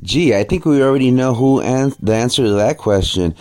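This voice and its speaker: A man's voice: medium pitch, expressive, fairly quick, darkish tone, soft background music. A man giving profane commentary over clips, with crude, sneering rants. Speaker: commentary host.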